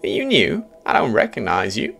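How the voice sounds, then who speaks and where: A man putting on a jovial, too-bright American neighbour. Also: fairly low pitch, wildly swooping pitch, normal speed, creaky, slightly rough, pitched above the performer's own voice, heavily acted. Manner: cheery, pleading, falsely bright. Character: jovial middle-aged American man, eager and odd.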